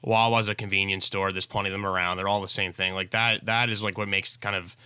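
A man with a New York accent, talking earnestly and haltingly in a casual chat. His voice is low but very bright and crisp, recorded close and dry. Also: flat delivery, dry recording. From Staten Island. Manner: earnest, halting, many restarts.

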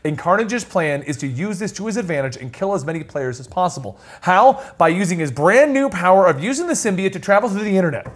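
A man's voice: high-pitched, very animated, fast talker, hardly any pauses. A man hosting a podcast in casual chat, reading out a list and laughing often as he talks.

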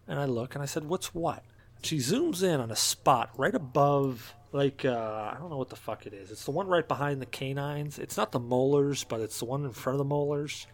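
A man co-hosting a podcast, telling a profane, animated anecdote in casual chat and acting out the other people in it. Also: medium pitch, normal speed. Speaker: podcast co-host.

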